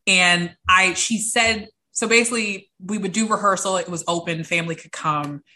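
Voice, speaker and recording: A young woman, an interview guest, telling personal stories in an animated way and acting out the voices of the people she quotes. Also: lowish voice, moderate pace. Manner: acts out quoted voices, lively. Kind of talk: animated storytelling.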